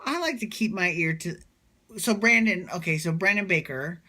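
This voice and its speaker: A man with a high-pitched, sharp, animated voice recaps a reality show at normal speed. His vlog is casual, rambling and gossipy, packed with fillers and side comments.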